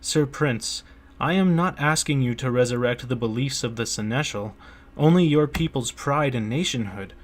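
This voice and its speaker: An earnest merchant pressing his case to a prince in an audiobook, read by a man. The voice sits at an ordinary male pitch and leans forward with a pleading, persuasive push, keeping the reading plain rather than theatrical. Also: moderate pace, lightly acted. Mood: urgent.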